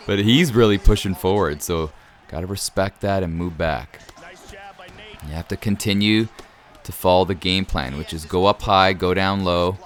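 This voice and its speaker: A man's voice: low-pitched, normal speed, a bit bright. Laid-back man giving fight game commentary. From Canada. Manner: laid-back, laughs often, says "man" a lot. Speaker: gaming YouTuber. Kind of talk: casual gameplay commentary.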